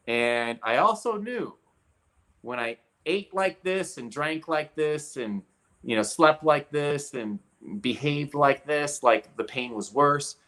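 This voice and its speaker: This man in his forties, appearing as a guest expert, speaks at medium pitch and normal speed. He recounts a personal story animatedly, using his arm and hand to demonstrate.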